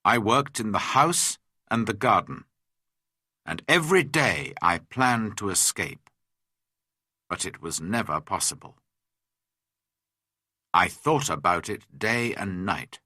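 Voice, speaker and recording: A man slowly reading a graded story aloud for English learners, in an expressive, dramatic way. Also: fairly low pitch, dry recording, studio quality.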